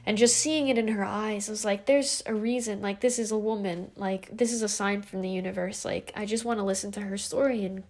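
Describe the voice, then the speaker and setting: A woman's voice: mid-range voice, fairly even intonation, fairly quick, few pauses. A woman in her twenties talking to camera in a casual, reflective vlog, earnest and rambling, with lots of fillers and restarts. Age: 20s. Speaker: vlogger.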